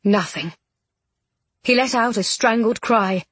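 A woman narrating a novel in an expressive, dramatic audiobook reading. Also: a little high, normal speed, slightly rough, no echo.

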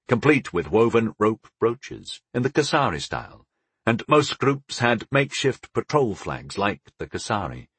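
A man narrating a fantasy audiobook in the first person, expressive and storytelling. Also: medium pitch, breathy edge, no echo.

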